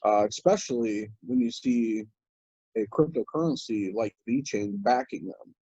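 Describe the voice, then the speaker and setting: A man's voice: lowish voice, unhurried, dark tone, husky, no room sound, dull audio. A man chatting casually on a video call, rambling with lots of fillers and restarts. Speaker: guest crypto commentator. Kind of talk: casual chat.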